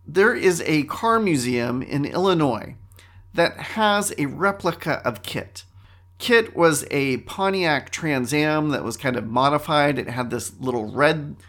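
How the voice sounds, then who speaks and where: A man's voice: mid-range voice, fairly bright tone. A middle-aged man hosting a casual, rambling monologue, talking conversationally and often correcting himself. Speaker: host.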